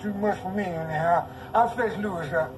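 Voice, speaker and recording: An actor playing a folksy rural husband, drawling and joking. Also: male voice, high-pitched, fairly quick, noisy background, lightly acted. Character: chuckling rural Southern husband, folksy and easygoing.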